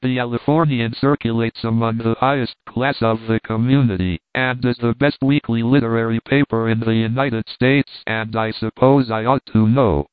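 A man reading old letters and commentary aloud in a steady, measured way. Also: mid-range voice, clear, resonant tone, no room sound. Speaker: reader. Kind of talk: scripted narration of old letters. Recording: dry, tinny phone-like sound.

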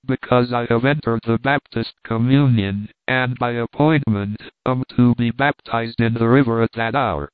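A man's voice: mid-range voice, normal speed, few pauses, clear, resonant tone, no room sound, lightly acted. A man doing a pious, earnest young man. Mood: solemn. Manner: quiet, solemn, fervent. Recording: tinny phone-like line, dry.

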